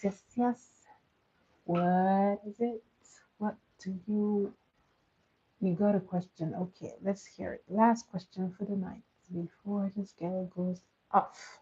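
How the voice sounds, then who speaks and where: A woman hosts a relaxed live stream and answers her viewers' comments, laughing often. She talks slowly in a husky voice. The sound is thin and tinny, like a phone call. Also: medium pitch. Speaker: livestream host. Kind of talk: casual live-stream chat.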